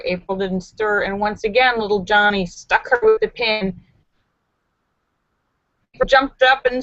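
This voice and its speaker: A woman's voice: mid-range voice, animated, moderate pace, no echo. A woman hosting a live stream, reading viewers' jokes aloud with theatrical flair, chatty asides and frequent laughter, on a dull, lo-fi computer microphone. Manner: theatrical, jumps into voices and shrieks for punchlines. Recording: dull lo-fi dry sound.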